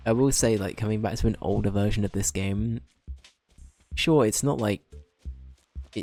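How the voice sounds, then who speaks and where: A young man streaming a game and chatting loosely with his viewers. His voice sits fairly low, and he rambles, laughs and restarts sentences often. Soft game music plays faintly behind him. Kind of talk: casual game-stream chat.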